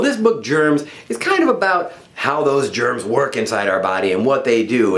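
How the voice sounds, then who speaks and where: A middle-aged man reads a picture book aloud to children. His voice swoops widely up and down, and his delivery stays friendly and expressive. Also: fairly high pitch, roomy sound. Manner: animated and friendly.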